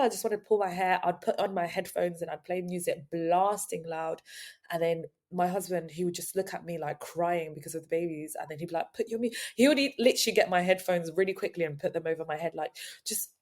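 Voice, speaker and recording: A young woman co-hosting a podcast, talking in a halting, casual way with many restarts. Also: fairly low pitch, a little mellow. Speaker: podcast co-host. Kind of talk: casual chat.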